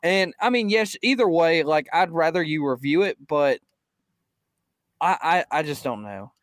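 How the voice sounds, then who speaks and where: A man co-hosts a casual sports podcast with a hesitant, stammering delivery that often trails off. His voice sits fairly high. The sound is dry and close. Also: animated, unhurried, no echo.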